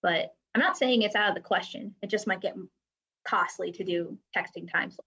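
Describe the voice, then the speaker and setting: A woman's voice: medium pitch, brisk, bright, forceful tone, slightly rough. A woman guest talking casually about her work, chatty, with lots of fillers. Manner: chatty, with frequent fillers and light laughs. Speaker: guest from a drag racing timing system company. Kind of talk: casual interview chat.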